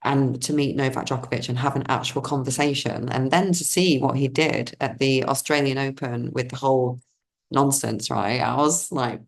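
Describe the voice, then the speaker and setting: A woman's voice: rumbling low, moderate pace. A woman card reader chatting casually, telling rambling, digressive stories with effusive enthusiasm and losing her thread at times.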